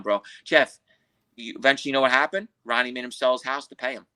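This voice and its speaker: A man from Queens, telling a story as a podcast guest in a profane, animated way and acting out what others said. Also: mid-range voice, fast talker, clean tone. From Queens, New York. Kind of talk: casual storytelling.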